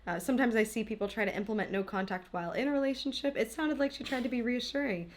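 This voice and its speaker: A woman's voice: fairly high pitch, fast, slight background noise. A woman co-hosting a relationship coaching podcast talks in a reflective, encouraging way and laughs along readily. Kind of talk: casual podcast chat.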